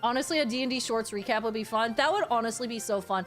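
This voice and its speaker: A woman with a high, bright pitch talks casually to her live-stream viewers. She is excitable, swears freely and circles back over her own phrases as she goes. Faint music plays softly underneath her. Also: quick pace.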